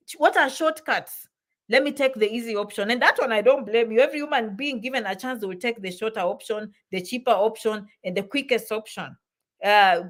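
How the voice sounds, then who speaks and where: An immigration advice vlogger gives a motivational talk in a higher, slightly bright voice. She speaks emphatically, repeats phrases for stress and mixes in Swahili words.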